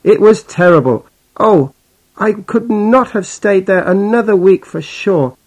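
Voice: medium pitch, lively intonation, measured pace, a little mellow, rough recording. An actor doing exasperated tenant Mister Brown. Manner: weary, complaining storytelling. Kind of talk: scripted narration for a listening exercise.

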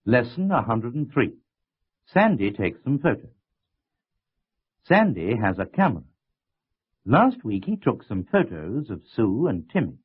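A man narrating a language lesson in a clear, deliberate way. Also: lowish voice, sing-song. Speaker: course narrator. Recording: tinny lo-fi tape.

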